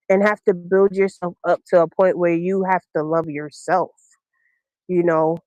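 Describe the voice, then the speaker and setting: A woman from Brooklyn, hosting a podcast and telling a personal story in a candid, slangy, unhurried way with many ums. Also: lowish voice, dry recording, poor audio. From Brooklyn, New York. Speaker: podcast host.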